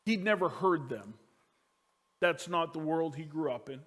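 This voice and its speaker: A man who is a pastor, preaching a sermon that moves from loud emphasis down to hushed, quiet lines as he tells a family story. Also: on the high side, unhurried.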